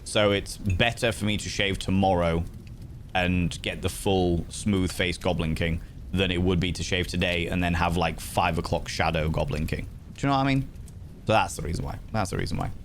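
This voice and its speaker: A man's voice: sits low, normal speed, slight background noise. A young man hosting a livestream, chatting casually and greeting viewers by name as he reads their comments aloud. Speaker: livestream host.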